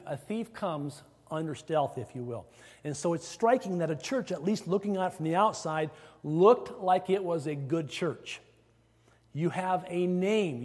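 A man's voice: on the high side, darkish tone, big-room sound. A man preaching a sermon as pastor, talking in a conversational way with fillers and restarts.

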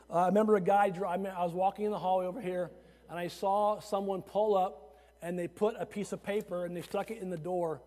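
A man preaching a sermon as pastor, animated and chatty with laughing asides, at times rising to shouts. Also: sits high. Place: church sanctuary. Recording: long hall reverb.

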